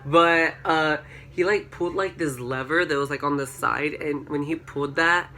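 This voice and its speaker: A young man vlogging a storytime, rambling through a dream with constant filler words and rising into excited shrieks when he quotes himself. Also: normal speed, a little hiss or hum. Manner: excited, rises to high-pitched shrieks when quoting himself. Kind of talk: storytime vlog. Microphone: camera.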